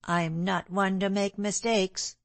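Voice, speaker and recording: A woman voicing a stubborn, indignant London landlady in an audiobook, insistent and sharp-tongued. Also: medium pitch, flat delivery, takes it slowly, no room sound.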